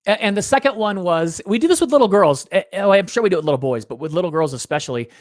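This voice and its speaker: A man's voice: high voice, rapid-fire, no room sound, studio quality. A middle-aged man talking about his parenting experiences in an interview, acting out the people he quotes. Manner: animated storyteller, acts out quotes. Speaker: guest. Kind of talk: conversational interview.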